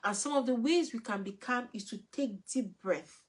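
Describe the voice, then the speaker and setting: A woman's voice: on the high side, normal speed, slightly rough. A woman, giving an earnest, repetitive live talk as a parenting coach.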